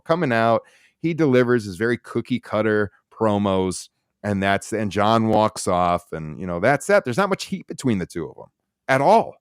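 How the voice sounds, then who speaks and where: A man co-hosting a podcast, ranting bluntly and sarcastically about what he dislikes. His pitch swings widely as he talks. The sound is close and dry, with no room echo. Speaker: podcast co-host. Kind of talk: casual opinionated podcast chat.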